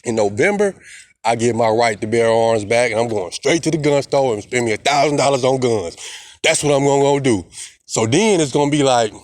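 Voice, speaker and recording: A man's voice: mid-range voice, expressive, a little fast, no echo. A young man, rambling defiantly in a casual vlog monologue, repeating himself and swearing a lot. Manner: heavy slang and profanity. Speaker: vlogger.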